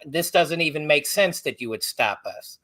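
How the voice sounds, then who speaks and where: Bright-voiced man telling stories. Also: on the high side. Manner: animated, halting, acts out others' voices. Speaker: guest author. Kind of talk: personal storytelling in a podcast interview.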